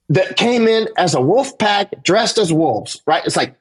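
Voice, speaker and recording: A man, a war correspondent, giving an emphatic interview monologue that climbs higher in pitch as he gets worked up, with frequent "right?" tags. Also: animated, unhurried, husky.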